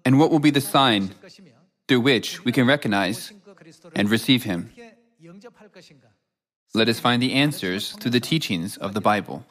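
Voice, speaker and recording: Guy reading a sermon, solemn and measured, mid voice. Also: mid-range voice, fairly bright tone. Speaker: preacher. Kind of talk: scripted sermon narration.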